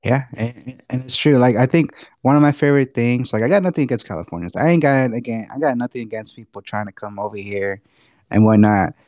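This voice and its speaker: A man's voice: medium pitch, brisk, darkish tone, dry recording, studio quality. A man from Texas with a Texan accent, co-hosting a podcast in a laid-back, rambling way with lots of fillers. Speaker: podcast co-host. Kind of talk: casual chat.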